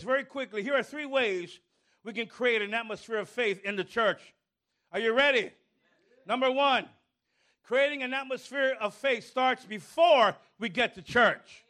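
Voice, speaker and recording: A male pastor preaching a sermon, calling on the congregation and rising to shouts. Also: very high voice.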